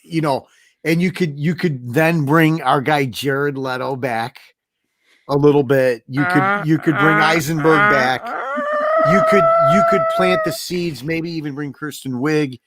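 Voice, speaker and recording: A co-host on a casual livestream chat speaks in a voice on the high side at a measured pace. He's relaxed and rambling, repeating words as he works through his thoughts.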